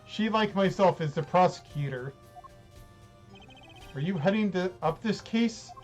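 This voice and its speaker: A formal, brooding male prosecutor from a video game, read by a man. He speaks in a measured, even-tempered way in a fairly high voice, faint music under him. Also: dull audio. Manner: measured, formal inner monologue. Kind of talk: reading game dialogue aloud.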